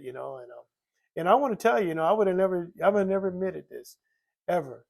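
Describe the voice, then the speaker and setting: An older man with a high, creaky, slightly mellow voice talks fast and animatedly as he shares his personal recovery testimony. He rambles candidly, leans heavily on "you know," and acts out the voices of people he quotes.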